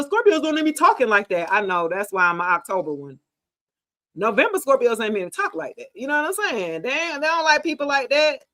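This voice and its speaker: A woman, giving a casual live tarot reading in a chatty, animated, slangy way, talking straight to her viewers. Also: on the high side. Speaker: tarot reader.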